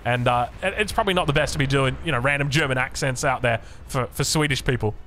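Commentating a strategy game match, an Australian-accented caster rambles chattily, wandering into asides and restarting often. His medium-pitched voice is fast, bright and forceful, and there is slight background noise.

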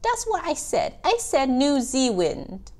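A woman's voice: sits high, expressive, extremely slow, smooth, heavily acted. A woman voicing a silly, eager little baby puppet that mispronounces words in a children's puppet show. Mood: insistent.

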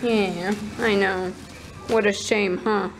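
A woman's voice: mid-range voice, fairly even intonation, music in the background, low-quality recording. A young woman chatting casually in a vlog at her market stall, giggling often. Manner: chatty and giggly, slow-paced. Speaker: vlogger.

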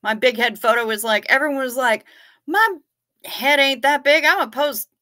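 Gushing over photos and comments from her viewers, a livestream host with a Midwestern American accent keeps things playful and relaxed. Her voice sits high, bright and forceful, at a normal speed.

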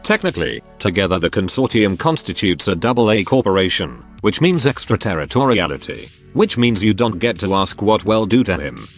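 A gruff, menacing old security chief, read by a synthetic male voice. The voice sits fairly low but swings widely up and down in pitch. Faint music plays underneath. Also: very animated, fairly quick, few pauses.

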